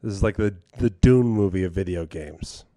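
A man's voice: low-pitched, moderate pace, mellow, no room sound, clean studio sound. A man co-hosting a comedy podcast, chatting casually with stammering restarts. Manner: stammering restarts, laughing easily. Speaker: podcast co-host.

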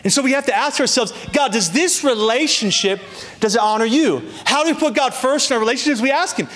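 A man's voice: high voice, fairly bright tone. A young adult man preaching a sermon as pastor, emphatic, drawing out key phrases and repeating words, acting out quoted lines. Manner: acts out voices in quoted prayers and asides.

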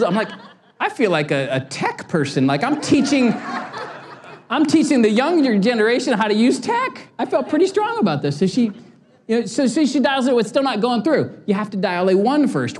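A middle-aged man giving a sermon as a pastor, telling a lively story, acting out quotes and laughing at himself. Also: very high voice, fairly quick.

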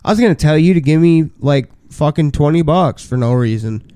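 A man's voice: a little high, animated, brisk, mellow, clean tone, no room sound, studio quality. A man co-hosting a podcast, talking in a crude, profane, boisterous casual way. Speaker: podcast co-host. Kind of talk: casual chat.

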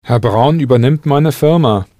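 A man's voice: mid-range voice, normal speed, mellow, no room sound, clean studio sound, natural voice. A man voicing Julius, a young man, speaking carefully articulated model answers in a scripted language-course dialogue. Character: Julius, young male learner.

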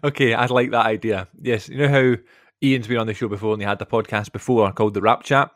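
A man's voice: fairly low pitch, fairly even intonation, quick pace, dry recording, clean studio sound. A young man co-hosting a film podcast, chatting casually and rambling through stories with plenty of fillers. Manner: rambling storytelling, many fillers and asides. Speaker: podcast co-host.

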